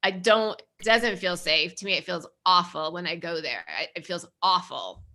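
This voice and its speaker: Bright-voiced woman speaking earnestly. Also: lowish voice, lively intonation, moderate pace. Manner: earnest, thoughtful, emphatic. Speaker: podcast co-host. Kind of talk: casual conversation.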